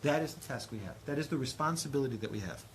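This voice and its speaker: A man in his thirties, a rabbi giving a lively Torah lecture, acting out dialogue with big swings in pitch and loudness. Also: racing, a little hiss or hum. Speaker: rabbi teaching a class.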